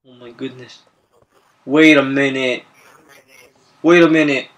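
A man's voice: medium pitch, fairly even intonation, unhurried, fairly bright tone, close to an everyday voice, poor audio. A man voicing a hot-tempered, whiny police officer in a game video, stammering, making demands and panicking easily. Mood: casual. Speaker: machinima voice actor. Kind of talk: improvised game machinima.

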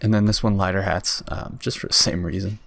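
A man's voice: low-pitched, fairly even intonation, fairly quick, gravelly, a bit bright, a little hiss or hum. A young man casually walking through how he built a beat, laid-back and rambling, with lots of filler words. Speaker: beat producer. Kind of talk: casual tutorial walkthrough. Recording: music faintly underneath.

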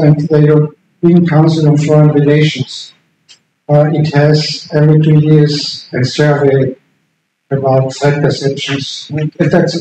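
A middle-aged man, a political science lecturer, giving an unscripted conference talk, halting and repeating words as he searches for phrasing. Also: a little high, warm tone. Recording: very echoey room with faint background noise.

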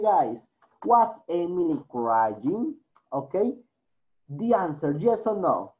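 Slow and sing-song, with a fairly high and somewhat mellow voice, this man guides a class through a grammar lesson. English is his second language and he has a Latin American Spanish accent; he repeats answers, encourages the students, and switches into Spanish at times. The recording is dull and lo-fi.

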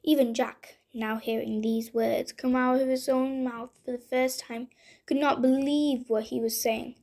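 A woman reading a bedtime story aloud in a gentle, unhurried way. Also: high-pitched, fairly even intonation.

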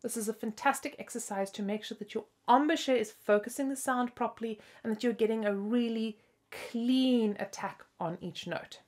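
A woman's voice: on the high side, normal speed, a little mellow. A young woman with hiccups hosting a bubbly flute lesson video and laughing at herself, with flute playing between her phrases. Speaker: flute teacher and host.

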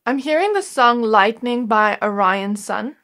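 A woman giving an intuitive tarot reading to her viewers, talking in a gentle, reflective way and often pausing on "like" as she muses. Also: a little high, lively intonation. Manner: gentle, reflective, musing with frequent "like". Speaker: tarot reader.

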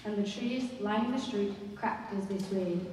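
A woman's voice: medium pitch, background noise. Woman reading a ghost story in an echoey hall. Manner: slow, expressive storytelling. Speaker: story reader. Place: school concert hall. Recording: echoey hall from far off, faint ambience.

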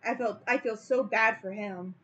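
A woman's voice: a little high, moderate pace, a bit bright, husky. Rambling, opinionated woman streamer, lo-fi. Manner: rambling and opinionated, heavy use of "like". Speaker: artist streaming her drawing. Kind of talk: casual livestream chat.

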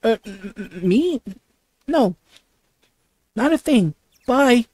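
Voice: mid-range voice, animated, takes it slowly, a little mellow, husky, no echo. A nervous young male defense attorney, as a gamer reads him sounds hesitant and flustered in an everyday voice. The read-aloud game lines are broken up by constant stutters. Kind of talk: reading game dialogue aloud.

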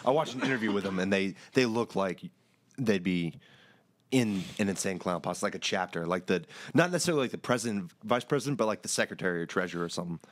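A man's voice: deep voice, expressive, fast, no echo. A man appearing as a podcast guest, chatting casually in a rambling way with many fillers. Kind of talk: casual conversation.

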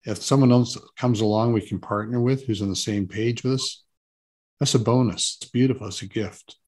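A man's voice: medium pitch, steady tone, moderate pace, darkish tone. A man speaking as a guest in an interview, earnest and emphatic, often repeating words for stress. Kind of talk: relaxed interview talk.

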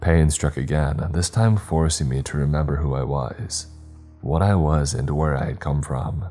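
A man narrating a horror story in a measured storytelling manner. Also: rumbling low, mellow. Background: faint music.

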